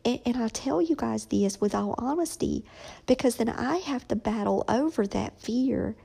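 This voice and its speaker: Brief: middle-aged woman vlogger, husky and mellow, slow halting delivery. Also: on the high side, expressive, rough recording. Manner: slow, reflective, halting with many ums. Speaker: author talking about her children's book. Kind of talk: casual personal vlog.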